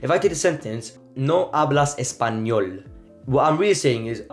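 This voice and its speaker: A man's voice: medium pitch, expressive, normal speed, soft background music. A man giving a casual spoken lesson on pronunciation, explaining loosely with many fillers and acting out vowel sounds. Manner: demonstrates vowels with exaggerated sounds and laughs. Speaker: Spanish teacher.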